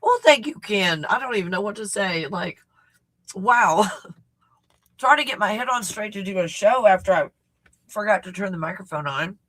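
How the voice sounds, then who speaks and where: Husky chatty woman livestream host. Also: medium pitch, lively intonation, normal speed, long pauses, fairly bright tone. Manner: chatty, swears freely, reacts to viewer comments. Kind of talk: casual livestream chat.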